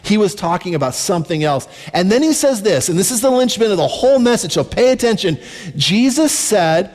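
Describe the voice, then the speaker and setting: A man preaching a sermon as a pastor, conversational and slowing down on key points. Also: sits high, big pitch swings, a little mellow. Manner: conversational preaching, slows down for emphasis. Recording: long reverb from a large hall. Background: faint music.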